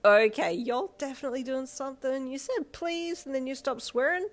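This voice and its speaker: A woman voicing a sassy young female best friend who teases in a snarky, deadpan way. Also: high voice, normal speed, pitched above the performer's own voice, natural voice. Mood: teasing.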